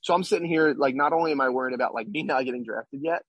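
Husky young man telling a story. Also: mid-range voice, fast, no room sound. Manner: rambling, tag questions like "right?". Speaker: podcast guest, baseball player. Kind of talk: casual storytelling interview.

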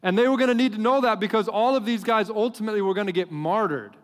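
A man preaching a sermon to a congregation, telling stories in an animated, joking way. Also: high-pitched, quick pace. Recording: long hall reverb.

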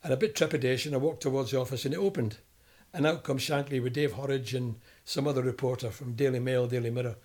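Older Scottish ex-footballer, lively storyteller who mimics the people he quotes. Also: medium pitch, fast talker. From Scotland. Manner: animated storyteller, acts out quoted voices. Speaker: guest, former footballer. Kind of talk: storytelling interview.

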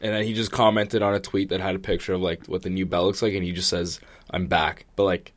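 A man's voice: low-pitched, quick pace. A man co-hosting a casual sports podcast, bantering and joking with a friend. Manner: jokey, animated banter. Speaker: podcast co-host. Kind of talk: casual chat.

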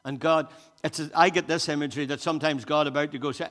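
Animated man preaching in a hall. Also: fairly high pitch, fast. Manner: animated preaching with repetitions, dropping soft for prayers. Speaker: pastor. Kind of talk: sermon. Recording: long hall reverb.

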